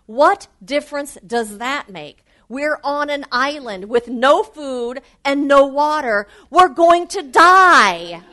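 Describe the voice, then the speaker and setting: A woman's voice: high voice, slow, few pauses, pitched above the performer's own voice. A woman acting out a panicking shipwrecked man who screams that they will die. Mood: panicked. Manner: frantic yelling.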